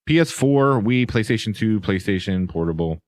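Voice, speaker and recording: A man's voice: lowish voice, animated, normal speed, no room sound, studio quality. A man hosting a casual movie review podcast, talking in a rambling, enthusiastic way with many fillers. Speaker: podcast host.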